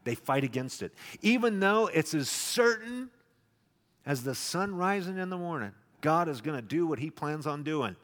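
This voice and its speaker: A male pastor preaching in a conversational teaching manner, with wry little asides between readings. His somewhat high voice carries a long reverb tail, as if heard in a large hall. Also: lively intonation, normal speed, fairly bright tone. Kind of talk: sermon.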